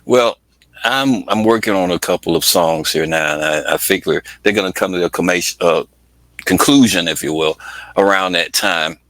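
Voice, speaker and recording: A man's voice: low-pitched, moderate pace, a bit bright, dry recording, low-quality recording. A middle-aged man from Atlanta, a guest in an interview, telling stories in a chatty way, laughing often and acting out voices. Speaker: interview guest, music project manager. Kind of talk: casual storytelling interview.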